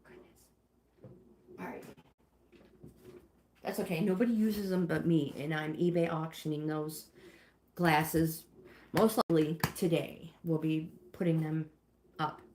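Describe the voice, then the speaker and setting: A middle-aged New York State woman with a deep, darkish, steady voice rambles to livestream viewers as she cleans her kitchen, often exclaiming to herself. She speaks unhurriedly with frequent pauses, and the home kitchen sounds roomy and echoey, with a little hiss or hum.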